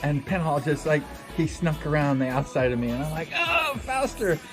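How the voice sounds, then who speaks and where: A middle-aged man casually telling a story, rambling with many fillers and acting out quotes with sudden high exclamations. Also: steady tone, fairly quick, over loud music. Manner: rambling, frequent "you know, like" fillers. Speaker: livestream host telling a racing story.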